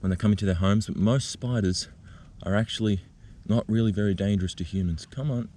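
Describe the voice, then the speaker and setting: A man vlogging outdoors in the bush, talking gently and excitedly as he coaxes a spider out of its burrow. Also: fairly low pitch, a little fast, a little hiss or hum. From Australia. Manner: excited, gentle, coaxing, thinking aloud. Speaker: nature vlogger. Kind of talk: outdoor wildlife vlog, talking to camera. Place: outdoors in a bushland reserve.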